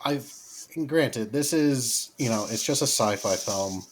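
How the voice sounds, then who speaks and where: A man's voice: medium pitch, expressive, a little slow, noisy background. A man with a mid-range voice vents about a film on a casual podcast. He talks bluntly, swears constantly and stops and restarts his sentences. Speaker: podcast co-host.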